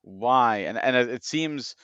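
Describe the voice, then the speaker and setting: Low, smooth-voiced man chatting excitedly. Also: measured pace, dry recording, lo-fi sound. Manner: rambling, excitable, exclaims in quoted asides. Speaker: podcast co-host. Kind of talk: casual podcast chat.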